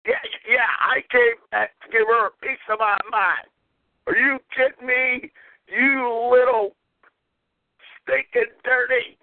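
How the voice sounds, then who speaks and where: A man's voice: extremely high pitch, steady tone, measured pace, dry recording. A man hosting a call-in talk show, ranting in an irate, repetitive way and trailing off mid-insult. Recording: tinny phone line.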